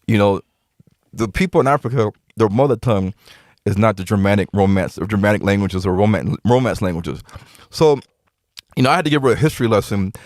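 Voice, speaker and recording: A man's voice: lowish voice, lively intonation, fairly quick, darkish tone, dry recording, studio quality. A man, a podcast guest, telling stories emphatically, often repeating himself as he retells conversations. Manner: emphatic, retells conversations with many quoted lines. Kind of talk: conversational storytelling.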